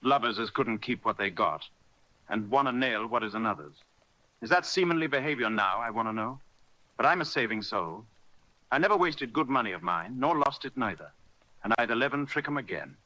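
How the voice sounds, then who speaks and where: Male reader doing a worn-out old seaman, gruff and wheedling, pitched a touch higher than his own voice, audiobook. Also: animated, fairly quick, bright, forceful tone, poor audio. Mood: blustering. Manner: gruff, wheedling sailor talk. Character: old sick sea captain, rough and pleading. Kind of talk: audiobook character reading.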